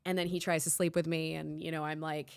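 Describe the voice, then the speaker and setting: A woman host in casual chat, telling stories in an animated way and acting out quotes in voices. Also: low-pitched, fairly quick, vocal fry, smooth, no echo, clean studio sound. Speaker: interview host.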